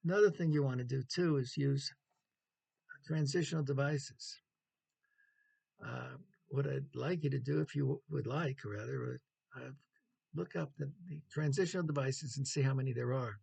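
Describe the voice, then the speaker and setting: A writing instructor gives a lecture in a heavily gravelly, husky voice that is mid-range and darkish. He speaks in a measured way, with pauses, fillers and the occasional throat-clearing.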